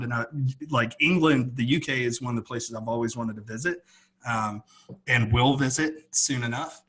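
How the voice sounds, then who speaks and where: A man co-hosting a podcast in a relaxed, earnest chat, circling back and restarting his sentences often. His voice sits at an ordinary pitch with a husky, slightly breathy grain. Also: moderate pace. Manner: earnest, rambling with many restarts. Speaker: podcast co-host. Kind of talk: casual chat.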